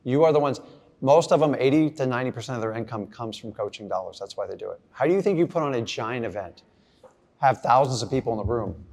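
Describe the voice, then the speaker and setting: Animated and fast-talking, a middle-aged real estate investor with a mid-range, slightly mellow voice gives a live audience a blunt, casual pep talk. He acts out little scenes as he goes.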